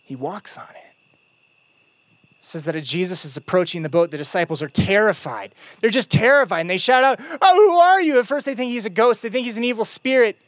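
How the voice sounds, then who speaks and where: Youth pastor, sermon, conversational storytelling, playful asides, quiet emphatic moments, dry close sound. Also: mid-range voice, a little fast, no echo. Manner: shifts between lively retelling and quiet emphasis.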